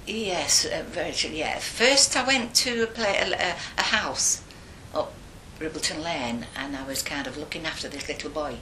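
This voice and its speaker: An older woman telling stories from her past in a chatty, animated way in an echoey room. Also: deep voice, moderate pace, a little hiss or hum. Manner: lively, chatty, animated retelling. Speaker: interviewee. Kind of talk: oral history storytelling.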